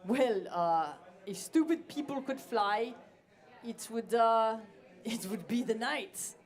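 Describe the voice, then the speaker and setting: A woman voicing a joyful male friend who speaks halting, poetic English. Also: fairly high pitch, voice pushed up. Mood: cheerful.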